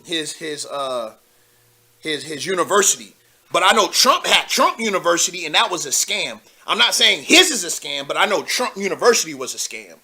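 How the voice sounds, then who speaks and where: A man's voice: high voice, pushed and bright. A young man hosting a live call-in show, commenting loosely with lots of fillers and asides to viewers. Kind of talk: casual political commentary.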